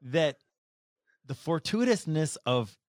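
A man's voice: a little high, sing-song, slow, dry recording, clean studio sound. A man hosting an interview, reacting with enthusiasm and stumbling a bit for words. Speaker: podcast host. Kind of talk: conversational interview.

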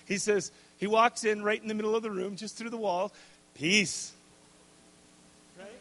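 A man's voice: high voice, level tone, fast talker, a bit bright. A man preaching a casual, conversational sermon, checking in with "okay?" and adding jokey asides. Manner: conversational, tags lines with "okay?" and "right?".

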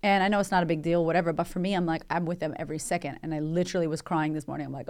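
A woman's voice: sits low, steady tone, racing. A woman, hosting a motivational podcast in a candid, emphatic, chatty way with swearing. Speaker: podcast host and coach.

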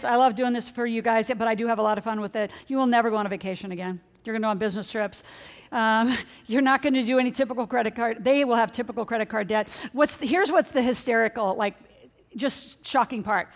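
A middle-aged woman, a financial coach, giving an energetic motivational seminar talk and speaking straight to her audience. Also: fairly high pitch. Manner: energetic, excitable, addresses the audience directly. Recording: long hall reverb.

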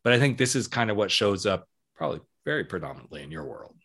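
A man's voice: lowish voice, quick pace. A middle-aged man hosting a casual talk show, telling stories with lots of acted-out quoted dialogue. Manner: animated storyteller acting out quoted dialogue. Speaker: podcast host and coach. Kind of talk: casual chat.

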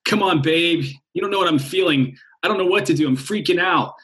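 A man's voice: high-pitched, expressive, moderate pace, a bit bright, voice pushed up. A man voicing the mind as an anxious, fretful man, whining in a raised voice. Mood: panicky. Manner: panicky, whining.

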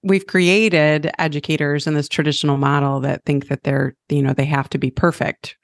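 Low-voiced woman, thoughtful educator. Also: flat delivery, moderate pace, gravelly, no echo. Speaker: podcast co-host, educator. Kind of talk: reflective casual chat.

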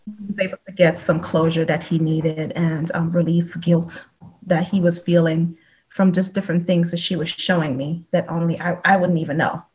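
A woman with a slightly low, husky voice who tells stories with energy. She acts out each person's lines in quotes as she speaks, in a casual interview. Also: moderate pace, poor audio. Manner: animated, acts out dialogue in storytelling. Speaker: guest, psychic medium. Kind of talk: conversational storytelling.

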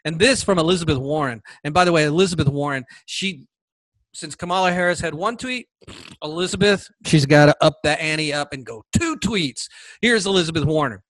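A man's voice: a little high, lively intonation, fairly quick, fairly bright tone, no echo. A man hosting a solo political commentary podcast, talking with sarcasm and mocking asides. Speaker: podcast host.

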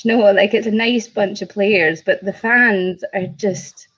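A woman on a podcast, telling anecdotes in a lively, chatty way. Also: mid-range voice, unhurried, breathy edge, low-quality recording. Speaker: podcast guest. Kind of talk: casual podcast chat.

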